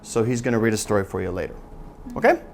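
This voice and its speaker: A man's voice: fairly low pitch, fast talker, slight background noise. A middle-aged man giving a live teaching seminar to an audience, chatty and joking as he draws the room in. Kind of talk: live workshop presentation.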